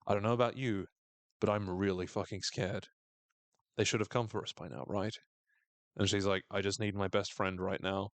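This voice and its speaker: A man co-hosting a casual podcast recap, animated and jokey, acting out lines in quick silly voices. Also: lowish voice, no echo. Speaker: podcast co-host.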